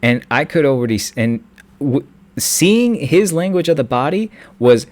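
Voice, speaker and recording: A young man telling a personal story in a halting way, with many restarts and fillers. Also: on the high side, big pitch swings.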